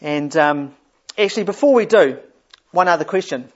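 A man's voice: a little high, expressive, moderate pace. A man preaching a sermon in a conversational way, often repeating words as he thinks. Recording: dull lo-fi sound.

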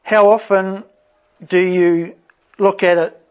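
A man teaches a Bible study at an unhurried pace, often restarting his sentences. His voice sits high, and the recording sounds dull and lo-fi. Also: steady tone. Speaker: pastor.

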